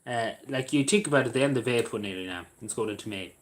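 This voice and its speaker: A man's voice: medium pitch, fast. A man chatting casually to his livestream viewers, rambling and hesitant with many fillers and restarts. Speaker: livestream host. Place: at home in a squeaky chair.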